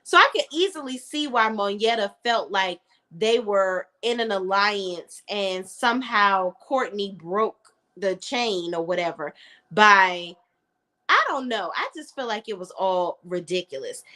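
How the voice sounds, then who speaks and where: A woman's voice: mid-range voice, lively intonation, a little slow, bright, forceful tone. A woman reviewing a reality show in a casual, blunt, opinionated chat.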